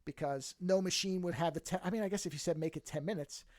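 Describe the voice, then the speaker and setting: A man with a high voice rambles through casual podcast chat, restarting his sentences and amused at his own jokes. The sound is dry and close, with no room around it. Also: fast talker, darkish tone, no echo. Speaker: podcast co-host.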